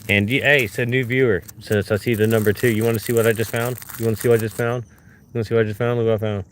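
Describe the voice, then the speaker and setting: A man with a mid-range voice vlogs on a hillside, chatting casually to the camera as he hunts for fossils. His delivery is flat and very fast, and he bursts into glee over each find. A little hiss or hum sits under the recording.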